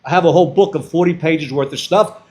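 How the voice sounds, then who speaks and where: Animated older man telling stories. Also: a little high, fast talker. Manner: animated, acts out dialogue in his stories. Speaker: guest speaker. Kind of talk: storytelling address to students. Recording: roomy hall echo.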